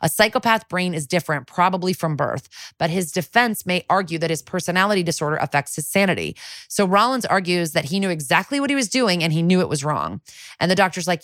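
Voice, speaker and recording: Podcast co-host, woman, deep-set speaking voice, breezy recap tone, dead-dry sound. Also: animated, a bit bright, dry recording. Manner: chatty, acts out quotes in quick voices. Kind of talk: casual episode recap.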